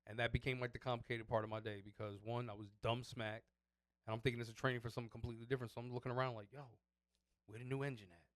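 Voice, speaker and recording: Male podcast co-host, rapid delivery, dry close sound, casual slang-heavy storyteller. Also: medium pitch, little pitch movement, dry recording. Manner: loose, profane storytelling with slang. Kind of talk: casual chat.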